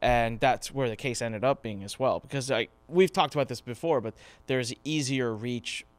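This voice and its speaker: A man's voice: mid-range voice, moderate pace, dry recording. A podcast host, a man, talking casually and with enthusiasm, often repeating his words as he goes.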